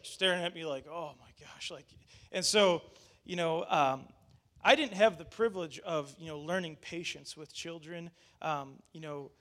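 A man's voice: fairly high pitch, a bit bright. A male pastor telling a personal story in a casual sermon, chatty with fillers and restarts, acting out what people said.

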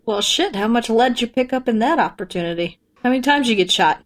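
A woman's voice: on the high side, animated, fast talker, pitched above the performer's own voice. A woman voicing a broke, wisecracking freelancer who hesitates and fills the talk with ums and jokes. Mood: casual. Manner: hesitant, full of fillers, joking.

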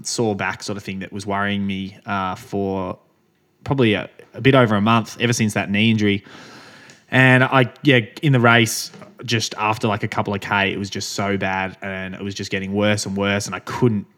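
Young male podcast co-host, lowish voice, casual rambling storyteller who swears freely. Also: a bit bright. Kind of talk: casual chat.

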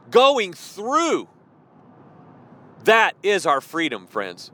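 High, bright-voiced preacher man. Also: expressive, a little slow. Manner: impassioned, swinging between soft pleading and loud declaration. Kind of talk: sermon.

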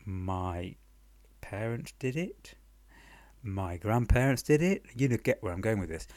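Brief: young man, low voice, dry deadpan storyteller, close dry sound. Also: a little slow, no echo. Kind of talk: comic monologue storytelling. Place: home apartment.

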